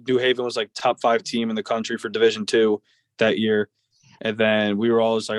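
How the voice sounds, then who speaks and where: Young man rambling, flat voice. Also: on the low side, a little fast, clean tone, dry recording. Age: 20s. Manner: rambling, many fillers like "like" and "uh". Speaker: guest, professional baseball player. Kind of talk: casual interview storytelling.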